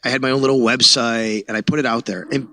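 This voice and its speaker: Quick-talking man from Buffalo with a bright, forceful tone, a reporter guest on a podcast who acts out what others said. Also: mid-range voice, no room sound. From Buffalo, New York. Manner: animated, acts out quoted dialogue. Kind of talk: casual storytelling interview.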